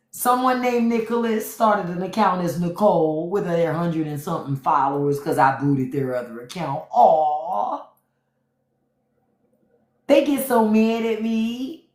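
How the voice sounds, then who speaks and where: A woman's voice: mid-range voice, slow pace, a little mellow. A woman hosting a livestream, talking back to the chat with profane, mocking commentary. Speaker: podcast host on a livestream. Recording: roomy echo.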